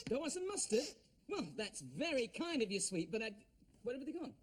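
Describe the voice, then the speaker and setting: A man's voice: very high voice, big pitch swings, a little fast, slight background noise. A man presenting a children's TV show, playful and often breaking into laughter. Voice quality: playful, laughs at his own jokes. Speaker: children's TV host.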